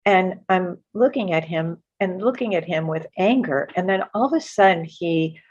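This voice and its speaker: An older woman sharing a personal spiritual story in an earnest, halting way, often repeating words as she restarts. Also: fairly low pitch, a little mellow. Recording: muffled lo-fi sound.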